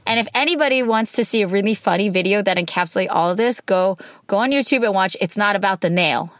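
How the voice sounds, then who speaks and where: A woman co-hosting a casual chat with her partner, candid and expressive, acting out her own outbursts as she talks. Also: mid-range voice, quick pace, no room sound, clean studio sound. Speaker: podcast co-host talking with her partner.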